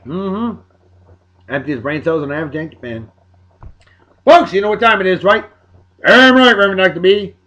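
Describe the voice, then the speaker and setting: A man's voice: high-pitched, a little fast, long pauses, fairly bright tone. A man hosting a daily show, running through historical dates in casual commentary, joking with playful emphasis. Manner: jokey, wisecracking asides with playful emphasis. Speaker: host of a daily beer and song show.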